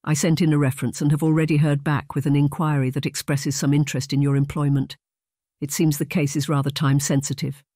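A man's voice: fairly high pitch, little pitch movement, fast, mellow, no echo, clean studio sound, natural voice. A man voicing a kindly, cheerful middle-aged noblewoman who is letting her governess go, speaking graciously in an audiobook.

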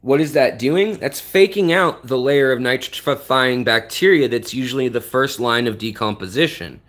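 A man's voice: mid-range voice, moderate pace, fairly bright tone. Man explaining his fish tank casually. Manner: loose and rambling, with frequent fillers and restarts; shows and points at parts of the tank while explaining. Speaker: aquarium channel host. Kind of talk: casual on-camera tutorial. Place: indoors beside an aquarium.

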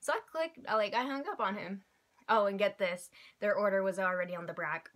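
A young woman hosting a casual vlog, telling a long, animated story and acting out the people in it. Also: mid-range voice, brisk. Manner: animated, chatty, quotes people in little voices. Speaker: vlog host.

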